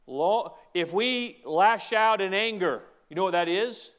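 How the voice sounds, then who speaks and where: A man preaching a sermon as a pastor, emphatic, with repeated restarts and stretches where he rises to a shout. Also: sits high, expressive, moderate pace, few pauses.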